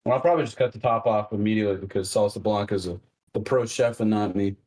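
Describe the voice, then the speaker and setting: A man streaming from his home kitchen, chatting casually and joking at his own slow cooking. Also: on the low side, a little mellow, slight background noise. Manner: joking, self-mocking, unhurried.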